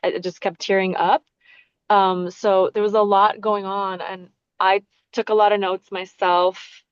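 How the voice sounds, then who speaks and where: A woman's voice: mid-range voice, little pitch movement, unhurried, smooth, dry recording, dull audio. A woman sharing her experience in a casual group chat, earnest and hesitant with many ums. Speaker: participant.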